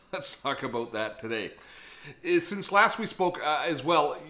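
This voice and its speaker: A man talking casually to the camera as a tech vlogger, chatty and animated, often thinking aloud with fillers. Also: fairly high pitch, measured pace. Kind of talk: casual vlog commentary. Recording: echoey room.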